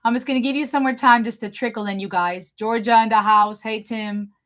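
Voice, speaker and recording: A young adult woman with a slight German accent, hosting a live Q&A in an excitable, fast-talking, chatty way. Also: on the high side. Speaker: channel host doing a live Q&A. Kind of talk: casual live-stream chat.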